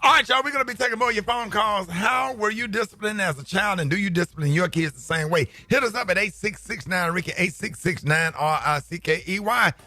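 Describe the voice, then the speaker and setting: A man hosting a morning radio show, telling stories in an animated, joking way with some mild cursing. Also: high-pitched, brisk, few pauses, faint music behind. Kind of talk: casual morning radio banter.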